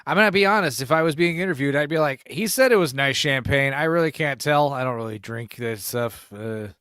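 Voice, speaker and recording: A man's voice: mid-range voice, brisk, a bit bright, soft background music. A man co-hosting a podcast in casual chat, rambling and cursing as he acts out quotes in different voices. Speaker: podcast co-host.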